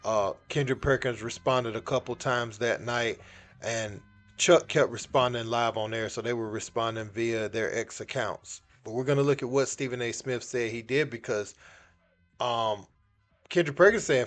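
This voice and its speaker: A man's voice: medium pitch, moderate pace. Conversational man hosting casual commentary. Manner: conversational, loose, many fillers. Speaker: channel host.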